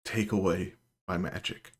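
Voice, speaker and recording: A man's voice: low-pitched, fairly even intonation, unhurried. A man voicing a timid young girl whose voice trembles with emotion. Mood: trembling.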